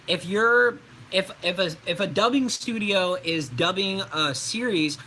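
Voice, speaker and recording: A man's voice: sits high, measured pace, bright, forceful tone, a little hiss or hum, rough recording. A young adult man, a voice actor, giving casual livestream tips in a chatty, loose way, with many fillers and restarts.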